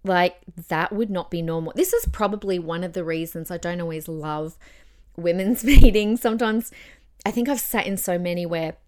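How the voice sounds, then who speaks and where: A woman's voice: on the low side, moderate pace, darkish tone. A woman hosting a solo podcast, chatty and encouraging, giving public speaking tips and acting out tones of voice. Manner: chatty and encouraging, demonstrates tones with her own voice. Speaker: podcast host.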